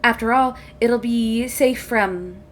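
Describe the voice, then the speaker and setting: A woman's voice: a little high, slow, a little hiss or hum. A woman narrating a tabletop game as game master, voicing the characters in a playful way. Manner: playful, plays non-player characters.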